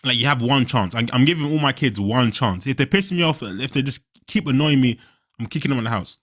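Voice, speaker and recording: A young man hosting a movie reaction, animated and profane, laughing often as he talks. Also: mid-range voice, brisk. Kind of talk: casual reaction commentary.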